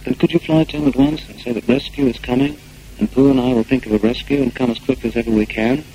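A man's voice: medium pitch, fairly even intonation, quick pace, warm tone, lightly acted, rough recording. Christopher Robin, as a man voices him. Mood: anxious. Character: young boy, earnest and fond.

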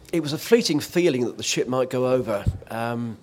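A man's voice: medium pitch, expressive, a little slow, a little mellow. A man who worked as an offshore radio presenter, telling a vivid story in conversation with frequent fillers and restarts. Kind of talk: reminiscing in conversation.

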